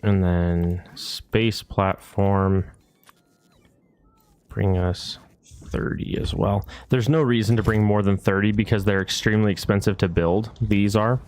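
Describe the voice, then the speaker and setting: Man, low voice, game streamer, casual muttering, grumbly. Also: fairly even intonation, unhurried, darkish tone. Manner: muttering to himself while planning, annoyed at bugs. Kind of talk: casual gameplay commentary.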